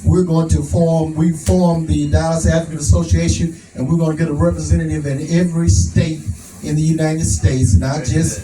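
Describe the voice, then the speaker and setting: A man's voice: fairly high pitch, level tone, moderate pace, mellow. A man giving a rousing, preacher-like speech at a prayer breakfast, folksy and laughing at his own jokes. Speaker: advocate speaker. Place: event hall. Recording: echoey room from a distance, noisy.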